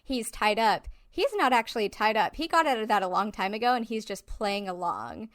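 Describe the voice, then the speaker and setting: A woman co-hosting a film podcast, giving a frustrated, animated critique in casual chat full of fillers. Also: medium pitch, normal speed, no echo. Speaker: podcast co-host.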